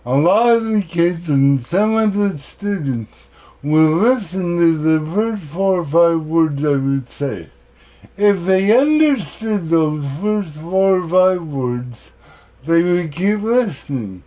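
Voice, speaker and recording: A man giving a keynote talk, telling personal stories in a deliberate way with self-deprecating humor. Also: a little high, expressive, warm tone. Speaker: keynote speaker.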